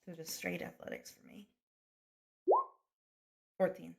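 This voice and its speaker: A player in a tabletop role-playing game, making playful, quick quips. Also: medium pitch, animated, creaky. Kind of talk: casual tabletop game play.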